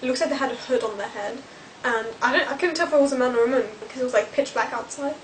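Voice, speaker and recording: A woman's voice: high-pitched, very fast, far from the mic, slight background noise, low-quality recording. A woman, chatting to camera as a vlogger, rambling with lots of fillers.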